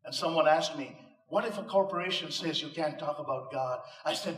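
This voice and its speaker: A man's voice: on the high side, fairly quick, few pauses, distant mic. Emphatic male speaker in an echoey hall. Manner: emphatic, rhetorical, with punchline jokes. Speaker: motivational speaker. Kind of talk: inspirational speech to a live audience. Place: live venue before an audience. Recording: echoey room, voice off mic.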